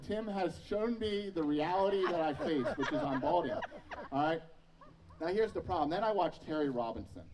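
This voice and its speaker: A man's voice: on the high side, lively intonation, normal speed, distant mic, background noise. A man in his thirties preaching a sermon as pastor, telling personal stories with self-mocking humor. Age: 30s.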